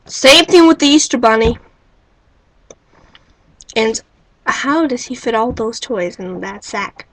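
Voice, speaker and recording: Woman, webcam vlogger, slightly high voice, wry rambling with endless rhetorical questions. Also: expressive, slow pace, long pauses, a bit bright, no room sound, low-quality recording. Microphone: built-in webcam mic.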